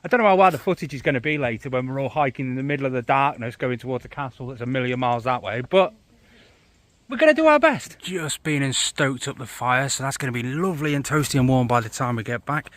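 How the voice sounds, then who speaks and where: A man, chatting excitably to a handheld camera while vlogging outdoors in a forest at night. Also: medium pitch, fast talker, no room sound. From England. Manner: excitable, chatty, laughs often. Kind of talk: casual vlog narration.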